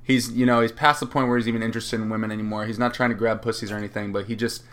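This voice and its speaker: A man's voice: lowish voice, level tone, rapid-fire, a bit bright, a little hiss or hum. A young man co-hosting a casual podcast, crude and joking, often laughing. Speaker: podcast co-host. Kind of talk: casual chat.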